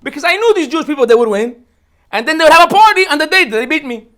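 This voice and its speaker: A man's voice: very high voice, expressive, very fast, bright, forceful tone, pitched above the performer's own voice, exaggerated voice. A man playing a boastful, wicked ancient villain in a comic retelling during a lecture. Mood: gloating. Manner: gloating, indignant.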